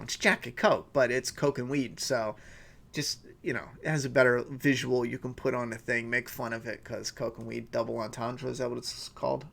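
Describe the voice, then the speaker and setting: A man's voice: medium pitch, creaky, a bit bright. A man hosting a live weekly review stream, chatting casually and reading viewer comments aloud in a rambling, self-correcting way. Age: adult father of a school-age child.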